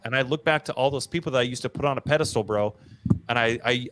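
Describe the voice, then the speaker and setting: A man's voice: medium pitch, fast talker, fairly bright tone, dry recording. A man hosting a casual podcast, telling his own story in a slangy, self-deprecating, emphatic way. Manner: slangy, storytelling, frequent "bro" and "dude". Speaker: podcast host.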